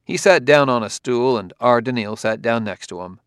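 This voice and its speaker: A man narrating a novel in a steady, even storytelling manner. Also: mid-range voice, moderate pace, hardly any pauses, clear, resonant tone, no echo, studio quality. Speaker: audiobook narrator. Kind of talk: scripted narration.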